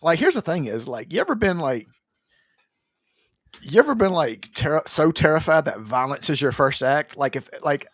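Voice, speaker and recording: Man, podcast co-host, jokey, exaggerated, slightly higher voice. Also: very animated, normal speed, no echo, studio quality. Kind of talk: casual chat.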